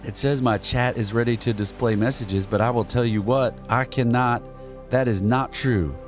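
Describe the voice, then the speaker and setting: A man's voice: mid-range voice, moderate pace, soft background music. Man preaching mock motivational sermons. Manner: earnest, over-the-top motivational preaching; chants a pledge and mutters at his broken chat. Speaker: comic self-styled reverend hosting a live stream. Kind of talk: improvised mock-sermon comedy.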